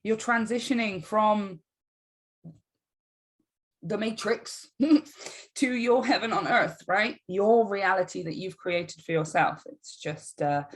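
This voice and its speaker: A woman's voice: mid-range voice, slow pace, pauses often. A woman giving a casual tarot reading to camera, emphatic and encouraging, often checking in with "right?". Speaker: tarot reader.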